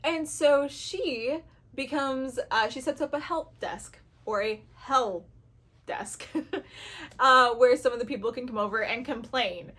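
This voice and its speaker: A book reviewer with a high, bright voice chats slowly and casually to the camera about books she loves. She gushes openly and acts out her own reactions as she talks.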